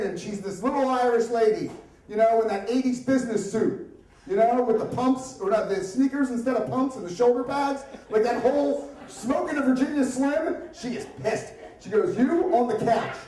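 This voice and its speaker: High-voiced man telling a story in an echoey hall. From Upper Darby, Pennsylvania area. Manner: animated, comic, profane, conversational. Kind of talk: live story slam telling. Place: stage at a live storytelling event. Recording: echoey room, voice from far off.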